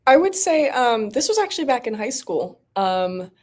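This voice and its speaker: A woman's voice: fairly high pitch, very animated, moderate pace, darkish tone. A woman in her twenties, an actor guest on a podcast, chatting expressively and laughing often. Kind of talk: casual interview chat.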